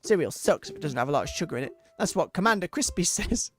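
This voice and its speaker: A streamer voicing an excitable, brash young child who blurts things out eagerly. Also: medium pitch, fast, faint music behind, voice pushed up, close to an everyday voice. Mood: chatty.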